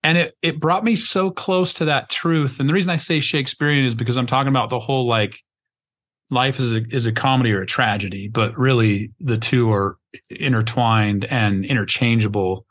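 A podcast host leads a conversation in a rambling, emphatic style, often restarting as he searches for words and swearing casually. His voice is mid-range and a bit bright, at a normal speed.

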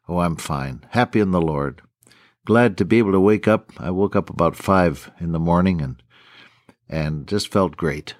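A man's voice: low voice, moderate pace, dry recording, studio quality. An older man teaching the Bible on the radio in a folksy, storytelling way, often chuckling.

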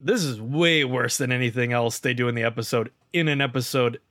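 A man hosts a podcast and recaps a sitcom episode in a casual, joking way. He talks at a middle pitch and keeps breaking into loud, animated asides. The recording is close and dry. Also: fairly quick, no room sound. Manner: animated, swings into loud bursts and mock quotes.

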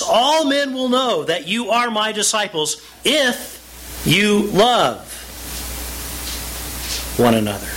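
High, bright-voiced male preacher. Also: slight background noise, low-quality recording. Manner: deliberate, with emphatic slowed phrases; reads scripture aloud and invites the congregation to read along. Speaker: pastor. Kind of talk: sermon.

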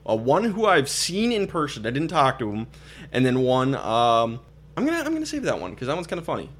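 A man's voice: mid-range voice, huge pitch swings, brisk, a bit bright. A young man, hosting a casual podcast and rambling with lots of fillers. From Minnesota. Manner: chatty, rambling, many fillers and restarts. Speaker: podcast host.

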